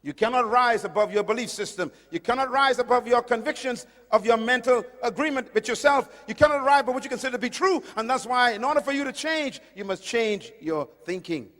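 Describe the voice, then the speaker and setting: A man preaching a sermon, emphatic and swinging between loud declarations and hushed storytelling. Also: very high-pitched, fairly quick, few pauses, in a large hall. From Caribbean.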